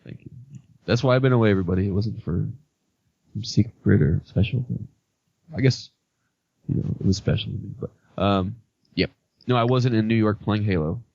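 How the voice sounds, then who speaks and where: A man's voice: lowish voice, fairly quick, gravelly, pauses often, darkish tone, dry recording. A man co-hosting a gaming podcast, chatting casually with a joking, rambling, self-deprecating manner. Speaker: podcast co-host. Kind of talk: casual chat. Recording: dull lo-fi podcast audio.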